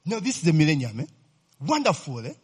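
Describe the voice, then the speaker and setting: In his sermon, a man lively checks in with listeners again and again, saying "eh?" and quizzing them. He speaks quickly in a slightly high voice with a breathy edge.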